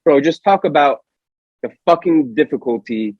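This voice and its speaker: Slangy American podcast host, husky. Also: male voice, on the high side, moderate pace, dry recording. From Allentown, Pennsylvania, USA. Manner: slangy, animated, says "bro" constantly. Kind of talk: casual podcast chat. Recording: slightly dull, dry lo-fi recording.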